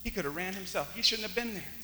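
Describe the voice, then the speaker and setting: A man preaches with a very high, piercingly bright voice that carries a long reverb tail through a church sanctuary. He swings between loud exclamations and hushed near-whispers. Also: animated, fast talker, slight background noise. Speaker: pastor. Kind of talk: sermon.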